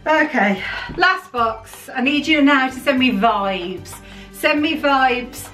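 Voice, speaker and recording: Chatty, lively woman vlogger. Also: high voice, takes it slowly, faint music behind. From United Kingdom. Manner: chatty and excitable. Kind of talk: casual chat while unboxing. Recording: roomy sound from a distant mic.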